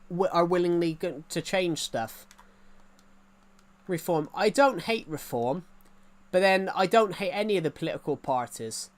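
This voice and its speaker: A streamer with a rural English accent, chatting on a livestream and answering viewer comments, with frequent restarts and repeated phrases. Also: mid-range voice. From England.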